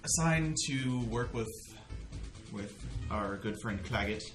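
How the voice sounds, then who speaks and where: A man with a fairly low voice plays in a tabletop game, affable and a little hesitant. The room is echoey, and music plays clearly behind him. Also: animated, takes it slowly. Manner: affable, hesitant, hums while deciding. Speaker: player. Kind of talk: casual tabletop play.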